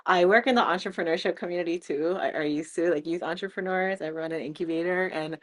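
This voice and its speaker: A woman telling a story casually in a discussion, animated and quick to laugh. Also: lowish voice. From Hawaii. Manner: animated, laughing, quotes others in changed voices. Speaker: entrepreneurship community worker, panel speaker.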